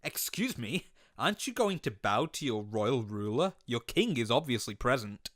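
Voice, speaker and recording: A man's voice: medium pitch, very animated, normal speed, fairly bright tone. A man giving comedic cartoon-review commentary in an incredulous, sarcastic and profane manner.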